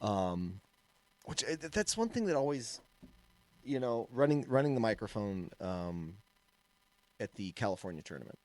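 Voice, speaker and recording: Man, podcast co-host, lowish voice, animated storyteller, laughs a lot, dry close recording. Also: moderate pace, pauses often, dry recording. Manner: animated storyteller, laughs often, trails off and restarts. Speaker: podcast co-host, martial arts instructor. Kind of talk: casual podcast chat.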